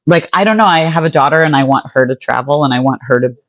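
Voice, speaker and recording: A woman's voice: low-pitched, fast, no room sound. Chatty woman, American accent with Antipodean touches. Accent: American with some Australian and New Zealand traits. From United States. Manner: chatty, frequent "like" fillers. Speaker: guest poet. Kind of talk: casual interview chat.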